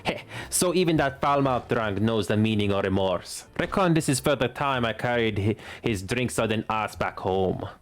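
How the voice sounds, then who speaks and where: A man doing a gruff brogue-talking tavern keeper. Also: fairly low pitch, lively intonation, normal speed, few pauses, lightly acted. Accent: put-on Irish or Scottish brogue. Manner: rough, hearty barroom talk. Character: gruff male tavern keeper, brawny and blunt.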